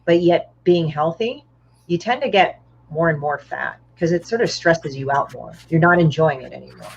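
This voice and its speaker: A woman who is a guest comic artist chats on a podcast in a low, creaky voice at normal speed, with a little hiss or hum. She's a blunt, profane storyteller who acts out other people's lines. The lo-fi audio sounds dull and muffled.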